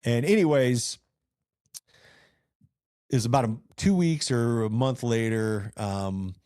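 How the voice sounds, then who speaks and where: A man's voice: medium pitch, slow pace, darkish tone, no room sound, clean studio sound. A middle-aged man from rural northeast Missouri, a company founder telling his story as a podcast guest in earnest, rambling talk full of fillers and restarts. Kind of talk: casual interview storytelling.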